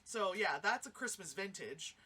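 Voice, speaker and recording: Woman, bright tense voice, casual movie review, rambling, swears a lot. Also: mid-range voice, moderate pace, breathy edge. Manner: rambling, animated, swears freely, acts out quotes.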